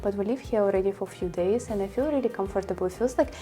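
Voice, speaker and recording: A young woman with a mellow, rounded voice chats casually to camera on a travel vlog. Her phrasing is simple and a little non-native, with faint music behind her. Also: mid-range voice, very fast. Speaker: travel vlogger.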